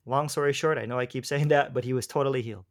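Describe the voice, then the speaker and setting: Talking very fast, a guest shares a long, rambling story of his faith in relaxed conversation. His pitch is ordinary and mid-range, and he keeps restarting sentences and tossing in "bro."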